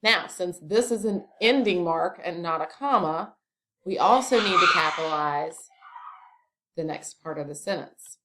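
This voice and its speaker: A woman's voice: fairly low pitch, measured pace, heavy background noise. Chatty woman teaching a grammar lesson. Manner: chatty, explaining step by step with asides.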